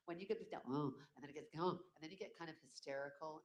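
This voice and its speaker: An older voice actor at a convention panel answering fan questions casually, animated and breaking into playful character voices. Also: mid-range voice, fast talker, hardly any pauses.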